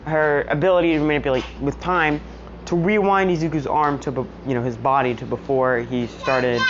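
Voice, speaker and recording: A woman casually retelling a fan story at home, rambling with lots of filler words. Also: rumbling low. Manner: rambling, filler-heavy with constant "you know". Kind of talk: casual story recap vlog. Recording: muffled lo-fi audio with household noise.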